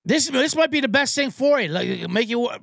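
A man's voice: extremely high pitch, expressive, a little fast, vocal fry, a bit bright, no room sound, studio quality, heavily acted. A man mocking a smarmy male football coach who is breaking bad news to a player in a fake-soothing, evasive way.

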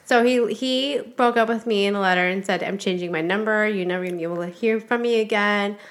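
A woman's voice: medium pitch, fast talker. A woman speaking as a guest on a podcast interview, talking in a blunt, frank way and swearing freely.

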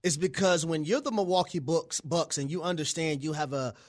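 A man co-hosting a sports radio show from a studio, talking in an excitable, hollering, sing-song way. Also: fairly high pitch, a little fast. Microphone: studio microphone.

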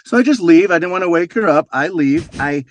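A middle-aged man, a guest on a podcast, spins loose, profane stories during casual conversation. His voice is a little high and brisk, and he tells them animatedly while swearing freely.

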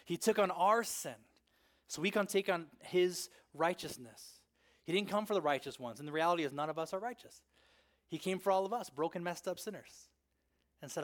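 Male pastor with a high voice, chatty sermon delivery, keeps tagging lines with "right?", dips to a near-whisper for emphasis. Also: expressive, a little fast. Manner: conversational preaching, frequent "right?" asides, dramatic swings from loud to hushed.

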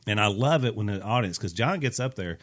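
A man with a lower-pitched voice tells a story across a podcast table. He is a preacher in casual chat and acts out other people's lines as he goes. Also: expressive, a little fast. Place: studio table.

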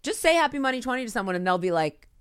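A woman's voice: a little high, sing-song, rapid-fire, clean tone, dry recording, clean studio sound. A woman co-hosting a podcast in casual chat, swearing freely, laughing often and reading listener mail aloud, teary at times. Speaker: podcast co-host.

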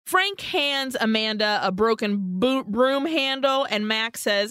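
A woman's voice: a little high, lively intonation, a little slow, hardly any pauses, fairly bright tone, clear, resonant tone, no room sound, clean studio sound. A woman co-hosting a podcast, casually and animatedly retelling a film plot, swearing freely. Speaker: podcast co-host. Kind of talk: casual chat recapping a film.

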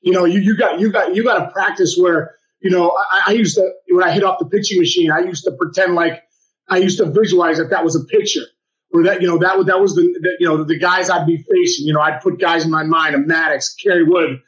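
A man's voice: high voice, steady tone, a little fast, fairly bright tone, muffled recording. A man co-hosting a podcast as a baseball coach, talking with enthusiasm and lots of stumbling restarts. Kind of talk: casual podcast chat.

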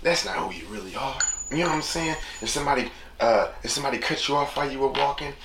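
A man's voice: medium pitch, quick pace, vocal fry. Male host, casual slangy monologue, echoey noisy room. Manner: slangy, rambling, acts out quotes. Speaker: podcast host. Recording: echoey room with steady noise.

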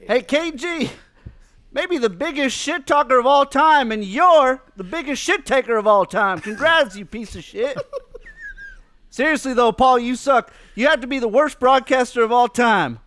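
A podcast host putting on a relaxed comedian with a mock southern drawl, roasting people with jokes and frequent laughs. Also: male voice, very high-pitched, exaggerated voice.

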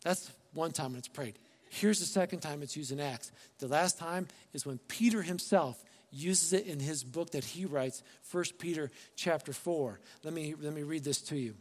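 A man's voice: on the high side, normal speed, long reverb tail. A male pastor preaching a sermon in a conversational, emphatic way, full of rhetorical questions to the congregation.

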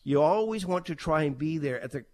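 A man's voice: on the high side, quick pace. A middle-aged man with a slightly raised voice walks through home buying step by step. He speaks as a realtor, plain and practical, with a few fillers here and there. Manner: plain, practical, steady explaining with occasional fillers.

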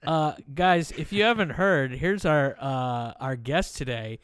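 Slow, smooth-voiced male podcast host. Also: a little high, a bit bright. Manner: swears freely, halting with many fillers. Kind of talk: casual chat over video call. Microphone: video call.

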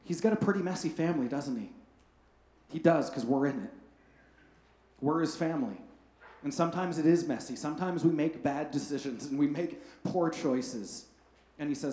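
A male pastor with a fairly high voice delivers a family sermon in a roomy, echoing space. He tells self-deprecating stories in a casual, joking way, often checking in with the congregation. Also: moderate pace, mellow. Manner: casual, humorous storytelling with frequent "right?".

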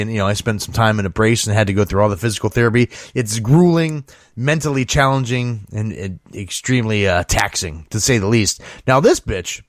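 A man's voice: mid-range voice, no echo, clean studio sound. A man hosting a show, giving casual comedic news commentary in a sarcastic, profane, storytelling way. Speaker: show host.

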